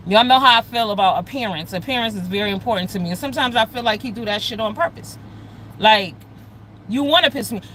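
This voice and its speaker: Blunt, loud woman ranting to her viewers. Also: fairly high pitch, a little hiss or hum, poor audio. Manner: addresses chat viewers directly. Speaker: live streamer. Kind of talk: casual ranting livestream.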